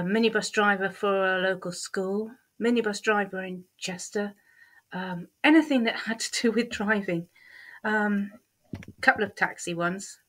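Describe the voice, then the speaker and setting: A woman's voice: mid-range voice, fairly bright tone. A middle-aged woman vlogger chatting candidly about her week, with a lot of ums and repeated words. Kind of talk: casual diary-style vlog.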